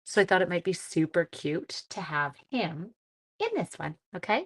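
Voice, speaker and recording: A woman's voice: on the low side, expressive, moderate pace. A woman hosting a casual craft demonstration live stream, chatting with her viewers and reading their comments in a friendly, self-deprecating way.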